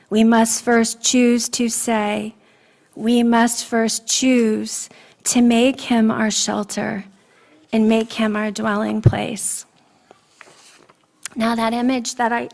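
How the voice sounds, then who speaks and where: Slow, earnest woman preaching. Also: a little high. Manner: earnest personal testimony, emotional. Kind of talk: sermon. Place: church sanctuary.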